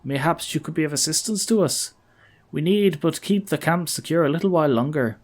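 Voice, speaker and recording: A man's voice: a little high, brisk, voice pushed up, close to an everyday voice. A man voicing an eager old male archaeologist in a put-on Irish accent. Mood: enthusiastic. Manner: animated, eager, chatty.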